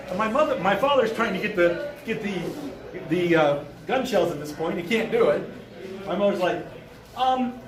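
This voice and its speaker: A man in his fifties telling a comic personal story at a live event, animated and full of sound effects. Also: sits high, normal speed, pauses often, a crowd in the background. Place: bar event space. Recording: roomy live sound from far off.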